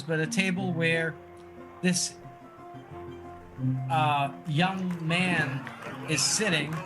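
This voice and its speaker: A man narrating a tabletop game as dungeon master, halting and restarting often as he describes the scene. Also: fairly high pitch, fairly even intonation, music in the background.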